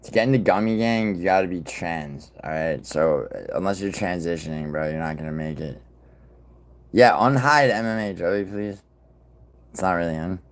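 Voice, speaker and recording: Man, deep voice, livestream host, casual chat, profane, rambling, loud bursts. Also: moderate pace. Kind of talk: casual live-stream chat reacting to viewers.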